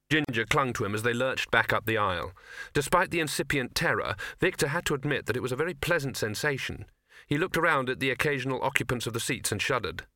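A man narrating an audiobook with measured, even storytelling. His voice is bright and forward. The recording is close and dry. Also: medium pitch, no echo. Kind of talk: scripted narration.

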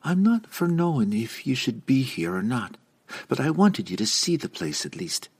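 A man's voice: medium pitch, sing-song, normal speed, a little mellow, husky, pitched above the performer's own voice. A man reading aloud and voicing a plucky young woman adventurer raised among dwarves, speaking in a folksy old-fashioned dialect in an audiobook. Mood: earnest, gentle.

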